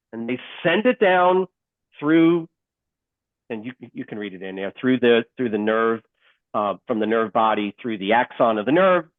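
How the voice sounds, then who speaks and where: A male instructor giving a live online lesson. He is animated, keeps questioning the class and repeats key points slowly. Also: a little high, no room sound. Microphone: video call. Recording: dry, phone-like call audio.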